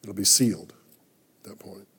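A man preaching a sermon, telling a story in a conversational, halting way with frequent restarts. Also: low-pitched, a bit bright, slightly rough. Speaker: pastor.

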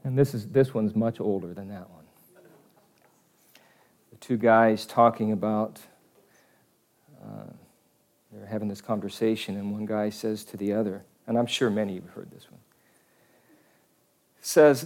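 Low-voiced priest telling jokes in a homily. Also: male voice, expressive, darkish tone. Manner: conversational storytelling with pauses.

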